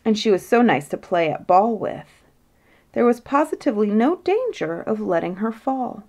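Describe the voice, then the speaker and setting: A woman's voice: medium pitch, very animated, moderate pace, dark tone. Woman reading a bedtime story.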